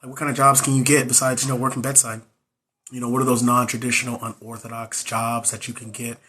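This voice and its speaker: A hoarse young man, a nurse and exam coach, chatting loosely on his livestream into a phone and repeating his greetings. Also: medium pitch, little pitch movement, quick pace, sharp tone. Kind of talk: casual livestream chat.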